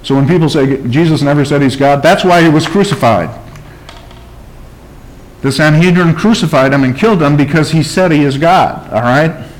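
A man's voice: a little high, moderate pace, poor audio. Man preaching with emphatic rhetorical questions. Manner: emphatic preaching, calls for amen and tells stories. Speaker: pastor. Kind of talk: sermon.

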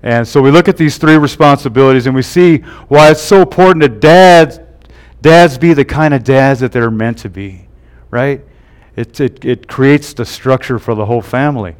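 A man's voice: mid-range voice, normal speed, clean tone. A male pastor preaching a sermon who keeps tagging his points with "right?" and "amen?". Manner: tags lines with "right?" and "amen?".

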